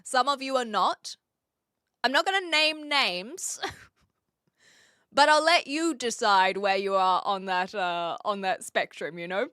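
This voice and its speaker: A woman's voice: mid-range voice, takes it slowly, pushed and bright, no room sound, studio quality. A woman from New Zealand with a mixed New Zealand, Australian and British accent, live streaming from an attic in a casual, giggly way as she reads viewers' chat aloud.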